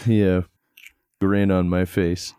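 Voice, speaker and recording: A man playing a tabletop game, talking in a playful, unhurried way. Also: sits low, level tone, mellow, clean tone, no room sound, clean studio sound. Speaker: player. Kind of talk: casual tabletop play.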